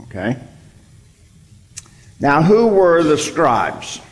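Male Bible teacher, unhurried and emphatic, echoing hall sound. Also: on the high side, sing-song. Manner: explanatory, repeats key words for emphasis. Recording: long reverb, hall.

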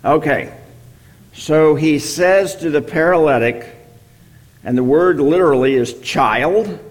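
A man teaching a Bible study, explaining a passage verse by verse and often checking in with "okay?". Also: on the high side. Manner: slow, deliberate, checks in with "okay?".

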